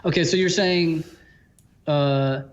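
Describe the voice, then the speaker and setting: A man co-hosting a casual chat, joking and upbeat, with quick asides. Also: on the high side, fairly even intonation, muffled recording. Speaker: podcast co-host.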